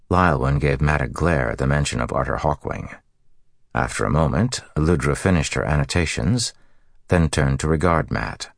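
Male audiobook narrator: very low, gravelly, dry, measured read. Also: no room sound. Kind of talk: scripted narration.

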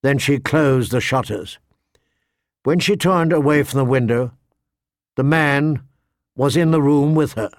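A man reads a story aloud with measured, somber pacing and a mid-range voice. He sits close to the mic, and the sound is completely dry. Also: mid-range voice, no echo. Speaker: audiobook narrator. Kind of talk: scripted narration.

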